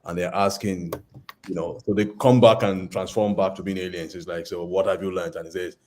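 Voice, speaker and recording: A man's voice: low voice, steady tone, normal speed, darkish tone, a little hiss or hum. A man moderating a webinar panel on a video call, chatting and passing questions to guests.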